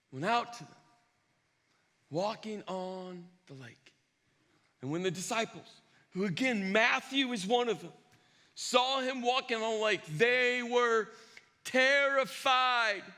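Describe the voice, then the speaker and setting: A male pastor preaching a sermon, telling a story with lively acted-out dialogue and sometimes dropping to a hushed intensity. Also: very high-pitched. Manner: animated storyteller acting out dialogue. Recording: long reverb of a large hall.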